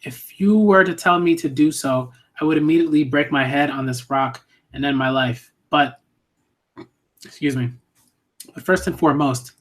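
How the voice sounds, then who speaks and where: A man's voice: a little high, fairly even intonation, normal speed, voice pushed down, lightly acted. A man reading as a remorseful loyal retainer.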